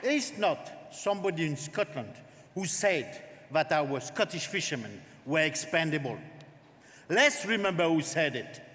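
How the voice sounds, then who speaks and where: A man from France with a French accent, a native French speaker, giving a lively, direct political speech to a conference. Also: fairly high pitch, unhurried, some chatter behind. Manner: warm-up jokes, lively and direct. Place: large conference hall. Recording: long hall reverb, faint noise.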